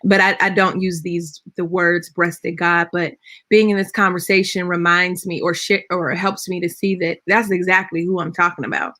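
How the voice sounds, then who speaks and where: Woman panelist from Pittsburgh, bright forceful tone, animated emphatic storyteller. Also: lowish voice, moderate pace. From Pittsburgh, Pennsylvania, US. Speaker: panelist and preacher. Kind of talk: personal storytelling in a panel discussion.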